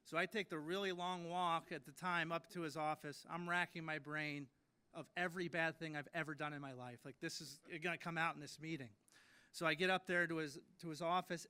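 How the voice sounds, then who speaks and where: A man's voice: fairly high pitch, bright, forceful tone, clear, resonant tone. A man in his late thirties giving an induction speech at a ceremony, telling stories in a self-deprecating way with many fillers and restarts. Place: ceremony hall.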